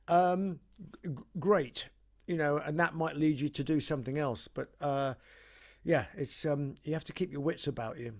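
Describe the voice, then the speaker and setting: A man with an English accent, interviewed about his career, telling wry stories in a halting way with lots of restarts. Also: fairly high pitch, darkish tone. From England. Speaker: rock singer interviewee. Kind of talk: casual anecdotal chat.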